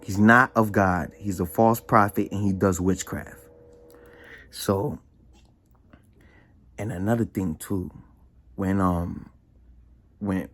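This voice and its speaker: A man's voice: slow, long pauses. A young man giving a casual, emphatic spoken testimony, slangy and full of repetition. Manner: animated and emphatic, repeats himself, slangy; drops low and quiet when reflecting. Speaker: vlogger giving a church testimony.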